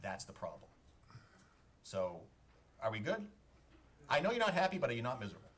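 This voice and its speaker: A man with a Boston-area accent chairs a town board meeting, brisk and self-deprecating, joking between votes. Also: medium pitch, wildly swooping pitch, a bit bright. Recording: noisy public-access meeting audio.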